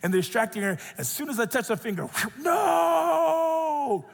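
Man, thirties, pastor, sermon with storytelling, animated, very lively pitch, long hall reverb. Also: very fast. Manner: animated, acts out the voices in his story.

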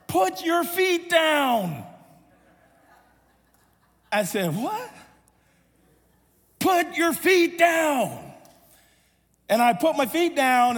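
A man preaching a sermon, telling a personal story in an animated way and acting out voices before settling into a hushed close. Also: very high voice. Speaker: pastor. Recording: long hall reverb.

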